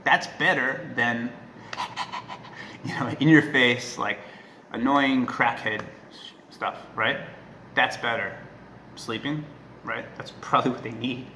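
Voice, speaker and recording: A man talking casually to the camera as a dog trainer, earnest and emphatic, often checking in with a quick "right?". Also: mid-range voice, steady tone, pushed and bright. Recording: echoey room with faint noise.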